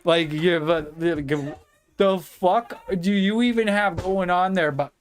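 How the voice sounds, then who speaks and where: A man's voice: sits high, normal speed, a little hiss or hum. A man hosting a podcast, sarcastically mocking and ranting with lots of profanity. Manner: mocking, sarcastic, profane, laughing between jabs. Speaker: podcast host. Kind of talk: ranting reaction commentary.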